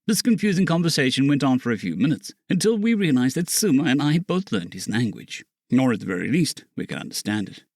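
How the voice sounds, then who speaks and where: A male narrator reading a fantasy audiobook, his pitch ranging widely as he reads. The recording is dry and close, with no room sound. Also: fast talker, few pauses, no room sound. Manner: lively, expressive reading.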